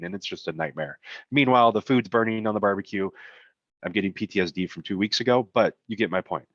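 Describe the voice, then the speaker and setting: A man's voice: fairly low pitch, fairly bright tone, no echo, lo-fi sound. A man presenting a cybersecurity webinar in a conversational way, with joking asides, his voice getting tired. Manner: conversational, self-deprecating asides.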